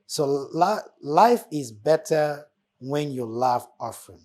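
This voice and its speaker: A man's voice: fairly high pitch, expressive, takes it slowly, a little mellow. A man hosting a motivational talk, preaching life lessons with emphatic, repeated phrases. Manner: preacherly, repeating key words with emphatic swells. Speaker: host.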